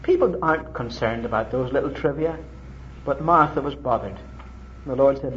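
Middle-aged male preacher from Ireland, lively storytelling sermon, muffled old recording. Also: moderate pace, slight background noise. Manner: animated storytelling with dramatic pitch leaps.

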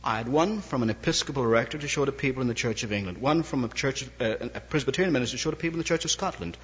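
A man's voice: mid-range voice, rapid-fire, husky. An older man from Ireland, an evangelist telling a wry, anecdotal story in a sermon. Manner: wry, anecdotal, lively inflection. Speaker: evangelist preacher. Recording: dull lo-fi recording, long hall reverb.

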